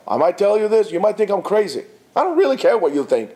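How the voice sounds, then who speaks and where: A man's voice: high-pitched, sing-song, fast, hardly any pauses, dark tone. A man, a rabbi giving an informal, exhortative Torah talk to students, mixing in Hebrew terms. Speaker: rabbi teaching at a yeshiva.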